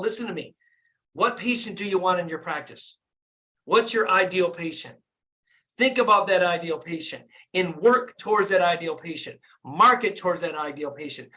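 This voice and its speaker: A man's voice: sits high, bright, forceful tone. A middle-aged man, a dentist and business coach, giving a fired-up motivational talk on a group video call and repeating phrases for emphasis.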